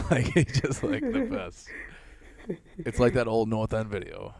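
A man's voice: fairly low pitch, very animated, brisk, vocal fry, darkish tone. A man hosting a podcast, chatting crudely and joking, laughing often. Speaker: podcast host. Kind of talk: casual chat.

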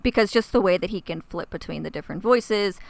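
A woman's voice: mid-range voice, a little fast, vocal fry, no room sound. A woman co-hosting a podcast, chatting casually and gushing with enthusiasm. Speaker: podcast co-host. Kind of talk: casual chat.

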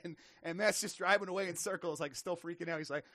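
A man talking games on a podcast, rattling off anecdotes at a rapid clip and acting out what people said. His voice sits a bit high, and the recording is close and dry with no room sound. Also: dry recording. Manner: animated storyteller, many restarts, acts out quotes. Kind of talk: casual podcast chat.

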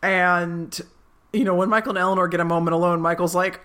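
Bright-voiced woman recapping a show. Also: on the low side, fast talker. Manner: lively retelling with many "like" asides and laughs. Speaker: podcast co-host. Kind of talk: casual chat recapping a TV episode.

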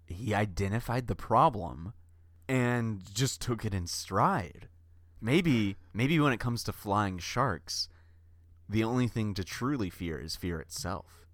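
Comedy co-host, male, low and animated, mock-solemn doomsayer, dry recording. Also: takes it slowly, dry recording. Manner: grandly doom-laden, mock-serious pronouncements. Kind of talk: deadpan comedy banter.

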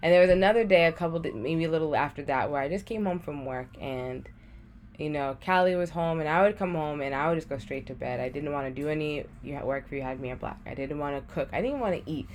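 A young woman guesting on a podcast chats through a personal story, peppering it with "like" and acting out what went through her head. She talks fast in a low, darkish voice, with slight background noise behind her.

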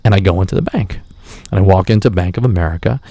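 A man's voice: low voice, fast talker, dry recording. A man telling a rambling, profane story on a podcast in a casual tone, acting out the people he quotes. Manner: profane, animated, acts out quotes. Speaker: podcast host.

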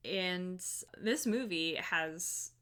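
A young woman hosting a casual movie review podcast, chatty and quick to laugh, swearing now and then. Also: lowish voice, bright, forceful tone, smooth. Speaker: podcast host.

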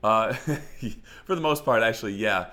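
A man with a somewhat low, stuffed-up voice tells a wry story in casual conversation. He rambles, restarts, and chuckles between phrases. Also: unhurried, sharp tone. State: stuffy nose. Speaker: podcast co-host.

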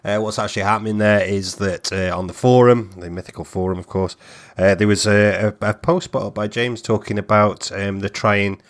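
A man with a lowish voice hosts a casual podcast. He sounds friendly and a little rambling, steering from one item to the next. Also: steady tone, normal speed. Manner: friendly, rambling, runs the segments. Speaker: podcast host.

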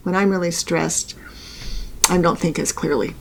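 A woman's voice: lowish voice, steady tone, normal speed, gravelly. A woman co-hosting a podcast, chatting casually, laughing often and restarting her sentences. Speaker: podcast co-host. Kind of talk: casual chat.

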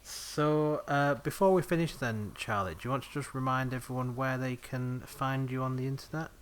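A man's voice: mid-range voice, steady tone, moderate pace. A man, hosting a podcast in casual chat, full of ums and laughs. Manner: chatty, laughs often, many ums. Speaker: podcast host.

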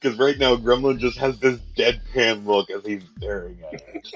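A man's voice: medium pitch, normal speed. Dry matter of fact guy playing a tabletop game, mid voice, muffled lo-fi mic. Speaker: player.

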